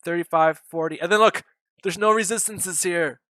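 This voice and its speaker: A young man giving loud, joking live commentary on his day trades, bantering and swearing with his chat. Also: sits high, normal speed, no room sound. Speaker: day trading streamer.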